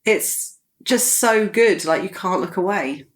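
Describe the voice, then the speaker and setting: A woman's voice: medium pitch, animated, a little slow. A woman guest chatting casually on a podcast as an enthusiastic film fan.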